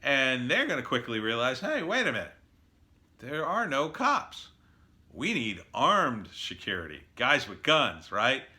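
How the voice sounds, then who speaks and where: A man delivering a sarcastic, animated opinion monologue as a political commentator. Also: mid-range voice, unhurried.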